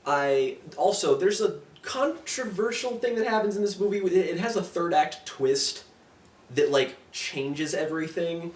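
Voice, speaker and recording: A young man co-hosting a casual film review chat, talking in an animated, rambling way full of restarts and fillers. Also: a little high, unhurried. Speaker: podcast co-host. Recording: roomy, distant mic with faint ambience.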